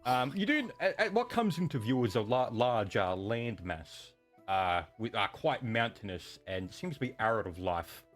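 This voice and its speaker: A man's voice: mid-range voice, big pitch swings, moderate pace, faint music behind. A man narrating as game master of a tabletop game, rambling with many fillers and restarts.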